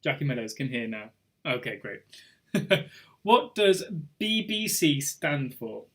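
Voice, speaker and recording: A man's voice: medium pitch, big pitch swings, slow, fairly bright tone. A young man hosting a live online pub quiz, chatty and rambling between questions. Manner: chatty and rambling, drifting off topic with chuckles. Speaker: quiz host.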